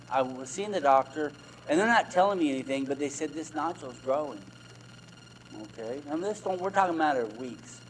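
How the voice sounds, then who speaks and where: A man's voice: medium pitch, a little hiss or hum, poor audio. Man preaching a personal testimony. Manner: storytelling, retelling dialogue with emphatic repetitions. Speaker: minister. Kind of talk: testimony sermon.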